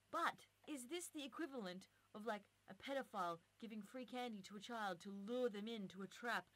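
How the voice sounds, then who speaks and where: Young woman vlogger, chatty storyteller, casual and rambling. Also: fairly high pitch. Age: 20s. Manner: chatty and animated, lots of "like" fillers.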